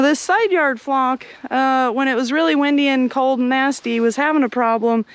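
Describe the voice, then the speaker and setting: A woman chatting casually as she walks through her homestead showing the animals, sometimes cooing at them in a high sing-song. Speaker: homestead vlogger. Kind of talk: casual walking tour vlog. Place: outdoors on a homestead among animals.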